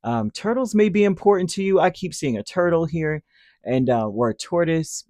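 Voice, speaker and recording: A man's voice: on the high side, lively intonation, normal speed, darkish tone, no echo, studio quality. A man giving a casual, rambling tarot reading, who acts out little voices as he talks. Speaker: tarot reader.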